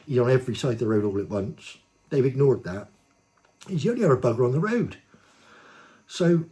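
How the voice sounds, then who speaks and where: Blunt, cheeky man telling a tale. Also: medium pitch. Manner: blunt, cheeky, animated when quoting himself. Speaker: storyteller. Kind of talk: casual anecdote to camera.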